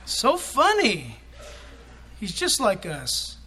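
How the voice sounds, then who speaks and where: A middle-aged man preaching a sermon as pastor, animated, acting out quotes with sudden loud bursts. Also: sits high, drawn-out words, husky.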